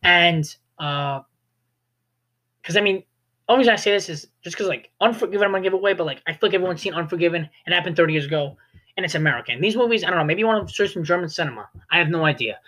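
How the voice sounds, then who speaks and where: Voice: medium pitch, quick pace, a bit bright. A young adult talking through film reviews in a casual, rambling way, full of "like" and restarts. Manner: rambling, full of "like" and self-corrections. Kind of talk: casual spoken movie review.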